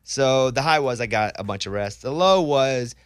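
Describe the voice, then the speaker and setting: A man's voice: mid-range voice, animated, normal speed, clear, resonant tone, no echo. A man hosting a morning radio show, chatting casually with dry, teasing banter from a studio mic. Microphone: studio microphone.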